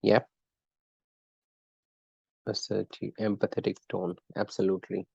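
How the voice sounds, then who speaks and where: Male lecturer for an online class, encouraging and conversational, dark husky tone, dull lo-fi call audio. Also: fairly low pitch, flat delivery, measured pace, no room sound. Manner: conversational, quizzes students by name, encouraging. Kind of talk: live online class teaching.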